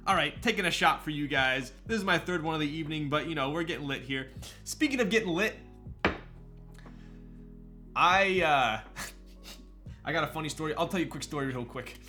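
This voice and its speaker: A man's voice: a little high, animated, normal speed, pauses often, sharp tone, faint music behind. A man chatting casually on a live stream, hyped up, thanking viewers and laughing often while building a keyboard.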